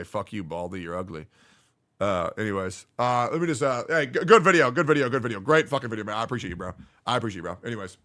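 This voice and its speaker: Bright-voiced joking male streamer. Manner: joking, profane, reads viewer comments aloud; swings between loud hype and low mumbling. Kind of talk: casual livestream reaction chat.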